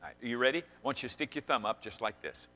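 A male minister preaching a sermon with animated storytelling to an audience in a large hall. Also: medium pitch, very fast. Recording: long hall reverb.

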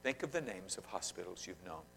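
A man preaching a sermon, swinging between loud emphasis and quiet asides and questioning the congregation directly. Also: low-pitched, sing-song, fairly quick, creaky, a little hiss or hum. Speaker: pastor.

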